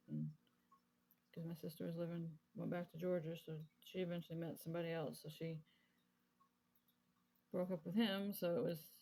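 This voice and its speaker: A woman's voice: lowish voice, warm tone, low-quality recording. A woman in her thirties casually telling a candid, rambling personal story, full of fillers, while crafting at her desk. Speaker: crafting vlogger.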